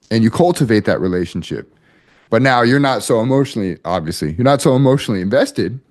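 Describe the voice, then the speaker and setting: A man's voice: lowish voice, darkish tone. A man coaching a group of husbands in a blunt, profane way, acting out bits of dialogue. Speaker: marriage coach. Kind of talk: coaching talk to a group of men.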